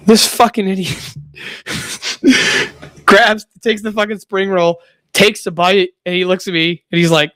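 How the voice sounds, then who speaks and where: A man's voice: high-pitched, fairly even intonation, slow pace, long pauses, a bit bright, no room sound. A young man streaming, telling a profane party story with frequent laughter. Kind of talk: casual chat.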